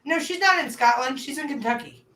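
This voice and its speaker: A woman's voice: sits high, fairly quick, a bit bright. A woman guest on a casual podcast, chatty and using "like" often. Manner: chatty, lots of "like" fillers. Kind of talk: casual chat. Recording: echoey, distant from the mic, faint ambience.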